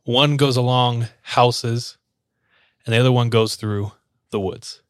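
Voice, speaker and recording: A man telling a story on a casual podcast, in a loose, animated way with quick jumps into the characters' voices. His voice sits at an ordinary middle pitch. The sound is close and dry, with no room around it. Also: clear, resonant tone, dry recording.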